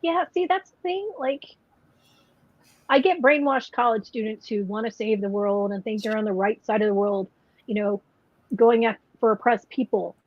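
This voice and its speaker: A woman's voice: on the high side, moderate pace, dry recording. Rambling woman, dull lo-fi sound. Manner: rambling, many "like" and "you know" fillers. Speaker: podcast co-host. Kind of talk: casual chat. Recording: dull lo-fi podcast audio.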